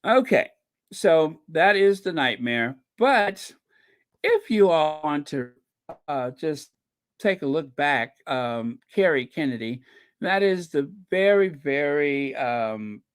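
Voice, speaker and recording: A man's voice: on the high side, animated, slow pace, clear, resonant tone. A man hosting a casual commentary stream, chatting loosely with many fillers and restarts. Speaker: channel host. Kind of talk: casual commentary to a live chat.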